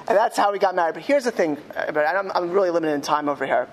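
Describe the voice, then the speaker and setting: A man, a rabbi, telling a story in a speech to school students. He slows down emphatically on key words. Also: sits high, long reverb tail. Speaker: rabbi giving a talk at a school. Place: school hall.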